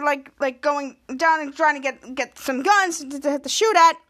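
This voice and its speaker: Podcast host, woman, high-pitched and bright, animated episode recap. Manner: animated retelling with many restarts, acting out the lines.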